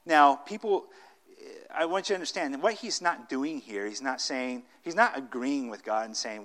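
A man's voice: medium pitch, moderate pace, fairly bright tone. A man preaching a sermon as pastor, explaining scripture verse by verse, often restarting phrases and rising sharply when he reads quotations aloud. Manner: emphatic preaching, dramatic rises when quoting scripture; frequent restarts and fillers while explaining.

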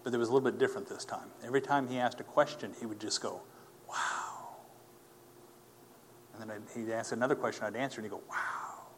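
A man's voice: medium pitch, racing, few pauses, a little hiss or hum. Earnest man telling his testimony. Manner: animated, acts out the people he quotes; earnest, speaks of faith. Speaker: speaker giving a personal testimony. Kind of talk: personal testimony storytelling.

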